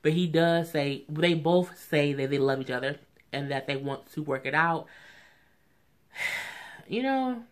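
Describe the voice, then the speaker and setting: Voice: animated, unhurried, long pauses. A vlogger recapping a reality show in a casual, opinionated chat, often saying "you know what I'm saying". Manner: acts out quotes in a high, mocking voice.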